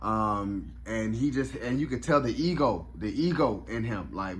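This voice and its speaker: Man, low-ish voice, casual review vlog, reflective, emotional, filler-heavy. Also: lively intonation, a little slow, a little hiss or hum.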